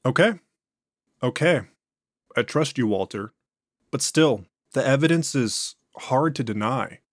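A man's voice: mid-range voice, lively intonation, measured pace, no room sound, clean studio sound. A man voicing a male interrogator who reasons earnestly with his subject. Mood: patient. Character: patient male interrogator losing his nerve.

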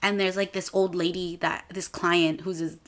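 A woman's voice: little pitch movement, moderate pace. A woman in her twenties, hosting a podcast and retelling a movie in a casual chat, using lots of filler "like"s. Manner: chatty, with many filler "like"s; acts out characters' lines in a higher voice. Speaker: podcast host.

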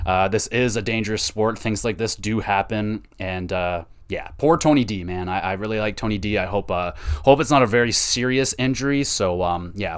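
A man with a somewhat low voice talks into a podcast mic in a loose, slangy recap style. He swears freely and gets excitable as he runs through the week's show. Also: smooth. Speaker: podcast host. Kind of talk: casual wrestling show recap.

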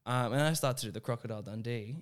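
A man telling a comic story in a relaxed chat. He talks at an even middle pitch and animates the tale, jumping into little voices for the people in it. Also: fast talker. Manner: animated, acts out voices in anecdotes. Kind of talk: casual storytelling.

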